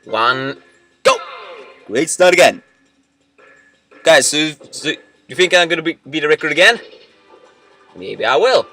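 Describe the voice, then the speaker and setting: Young male gamer, bright and animated, excitable, faint game music underneath. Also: a little high, unhurried, long pauses. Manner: excitable, shouts and yells at the game. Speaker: let's play gamer. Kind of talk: game commentary. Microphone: computer mic.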